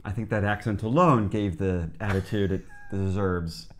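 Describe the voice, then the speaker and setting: A man's voice: on the low side, moderate pace, over music. A man co-hosting a casual reaction chat, tossing in dry, wry quips. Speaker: co-host.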